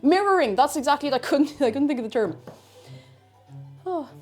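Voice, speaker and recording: An Irish woman streams while she cooks, chatting casually and rambling, often cutting herself off mid-sentence. Her voice sits high and is animated, brisk and a little mellow. Soft music plays in the background.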